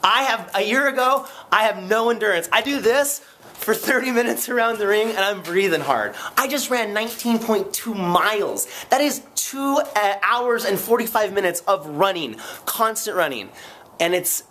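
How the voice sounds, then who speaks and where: A man's voice: sits high, normal speed. Man, vlogger, casual chat to camera, rambling, self-mocking, sore after a run, faint background noise. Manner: rambling, excitable, self-mocking, lots of fillers.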